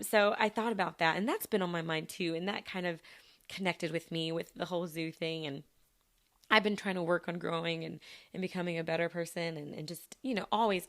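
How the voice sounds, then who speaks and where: Chatty woman, laughs often, slightly low voice. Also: gravelly. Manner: talks to listeners directly. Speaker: podcast host and teacher. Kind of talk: casual personal chat.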